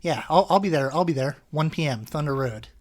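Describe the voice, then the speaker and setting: A man co-hosting a podcast in casual chat, joking and quick to swear. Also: fairly high pitch, expressive, a crowd in the background. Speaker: podcast co-host.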